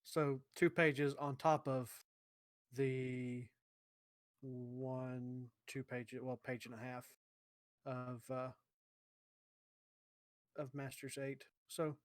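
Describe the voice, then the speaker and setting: A man's voice: medium pitch, steady tone, takes it slowly, pauses often, no echo, clean studio sound. A man chatting casually on a podcast about his own writing, rambling, with fillers and self-corrections.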